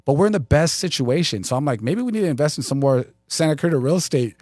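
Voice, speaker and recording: A man co-hosting a live show, telling stories in a casual, animated way and acting out what others said. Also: a little high, fast talker, no echo, studio quality. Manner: animated storyteller, quotes others. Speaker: co-host. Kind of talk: casual chat.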